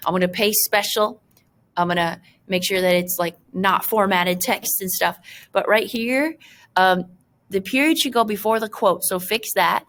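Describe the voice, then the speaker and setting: A woman's voice: medium pitch, moderate pace, fairly bright tone. Chatty woman teacher with joking asides. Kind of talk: screen-recorded lesson.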